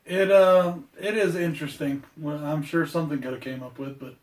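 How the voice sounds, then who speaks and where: A man's voice: a little high, a little fast. A man hosting a casual movie review podcast, talking in an upbeat, rambling way. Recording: roomy, distant mic.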